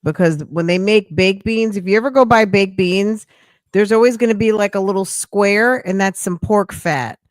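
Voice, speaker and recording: A woman's voice: medium pitch, normal speed, no echo, studio quality. A woman hosting a stream, reacting to a call with blunt, mocking commentary. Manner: blunt, mocking, talks back at the clip.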